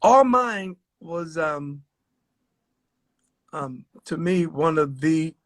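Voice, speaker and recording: A man interviewing an artist in a casual, enthusiastic way, often pausing with fillers. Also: on the high side, animated, fairly bright tone, no echo.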